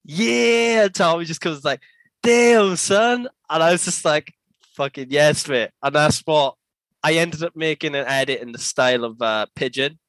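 A man's voice: a little high, moderate pace, fairly bright tone, no room sound. A man, a podcast guest telling skate-filming stories in casual chat, laughing often, swearing freely and acting out other people's voices. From South Wales. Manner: laughing, swears a lot, acts out quoted voices.

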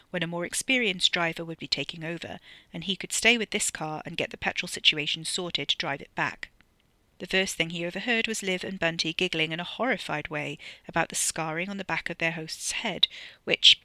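An author reading their own novella aloud in brisk, wry audiobook narration. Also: mid-range voice, sharp tone, no echo.

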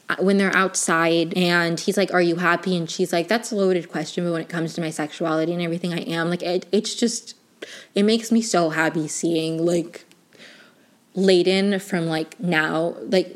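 Young woman, slightly low voice, casual vlog reviewer, rambly and gushing, lots of filler words. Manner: rambling, many "like" fillers and restarts; gushing, emotionally invested. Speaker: TV review vlogger.

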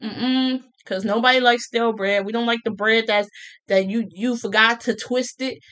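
A woman's voice: fairly high pitch, steady tone, moderate pace, fairly bright tone. Joking young woman, laughing vlogger. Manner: joking, laughs often, repeats herself. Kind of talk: casual monologue to camera.

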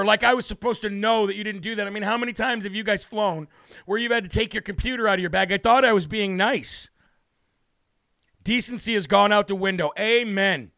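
A man hosts a political talk show in a brash, sarcastic rant. His voice sits high and sounds sharp and forceful, with a gravelly edge. It is recorded close on a dry mic. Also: dry recording. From United States. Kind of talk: ranting livestream commentary.

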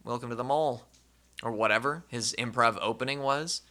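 A man from the United States co-hosting a podcast in casual chat, loud and joking with lots of swearing. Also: medium pitch, moderate pace. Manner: loud, swearing, jokey interjections. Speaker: podcast co-host.

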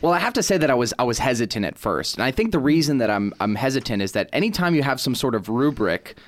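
A man's voice: mid-range voice, big pitch swings, fast. A man on staff reflecting on his experience in a casual chat, often restarting his sentences.

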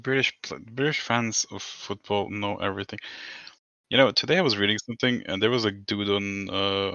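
A man's voice: on the low side, pushed and bright, no room sound, dull audio. A man co-hosting a podcast in casual chat, rambling and swearing, laughing often. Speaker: podcast co-host.

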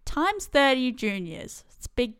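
A woman's voice: sits high, big pitch swings, a little slow, a bit bright, clean tone, dry recording, studio quality. A woman with an Australian accent co-hosting a casual podcast, reading out facts and giggling as she apologizes for mispronouncing names. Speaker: podcast co-host. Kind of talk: casual chat.

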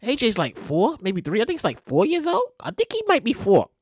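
Animated, high-pitched woman host. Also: fairly quick, husky, no room sound, clean studio sound. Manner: animated, profane, repeats herself for effect. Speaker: show host. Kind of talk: comic storytelling monologue.

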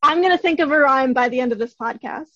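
A young woman co-hosts a fan podcast with a high, playful voice. She banters easily and sometimes runs quickly through mock legal disclaimers. Her mic sounds dry and somewhat muffled. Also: sharp tone, no echo. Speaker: podcast co-host. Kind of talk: casual podcast chat.

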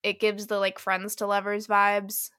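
A woman's voice: medium pitch, completely flat delivery, measured pace, sharp tone, smooth, dry recording, clean studio sound. A young woman co-hosting a podcast, talking through book picks in an easygoing, wry way. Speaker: podcast co-host. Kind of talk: casual chat about romance novels.

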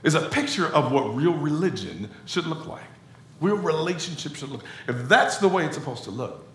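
A man preaching a sermon as pastor, talking to the congregation in an animated, conversational way. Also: fairly high pitch, normal speed, roomy sound, slight background noise. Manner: animated conversational preaching, addresses crowd as y'all.

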